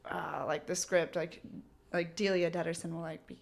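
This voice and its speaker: Young woman, giggly, animated, acting out quotes, casual chat. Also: fairly low pitch, normal speed, gravelly. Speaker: actor guest.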